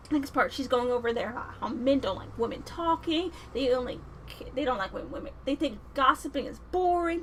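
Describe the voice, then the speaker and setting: A woman vlogger giving casual, animated, slangy film commentary. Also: high-pitched, slight background noise, low-quality recording.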